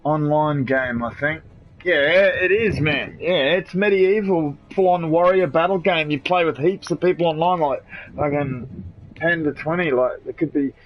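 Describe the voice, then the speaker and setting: A man's voice: fairly high pitch, measured pace. A man with an Australian accent chatting loosely and swearing to his friends while he streams a video game. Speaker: gamer streaming live. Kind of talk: casual live-stream chat while gaming. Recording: dull lo-fi console stream audio.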